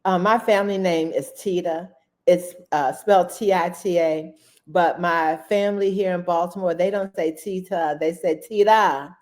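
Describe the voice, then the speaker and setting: A woman guest in a casual interview, answering in an unhurried, thoughtful way with many fillers. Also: fairly low pitch, fairly even intonation, a little mellow.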